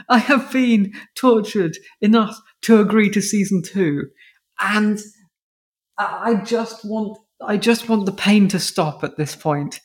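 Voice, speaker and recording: A woman's voice: medium pitch, slow pace. A woman co-hosting a podcast, chatting casually in an exasperated, sweary way. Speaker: podcast co-host. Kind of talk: casual chat.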